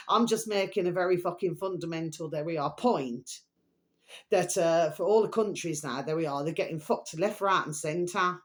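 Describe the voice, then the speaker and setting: A woman ranting to her viewers in a vlog, swearing heavily and rambling with constant fillers. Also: low-pitched. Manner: swears heavily, keeps calling viewers her delicious little babies; rambling, filler-laden, repeats "okay" and "there we are". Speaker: video blogger.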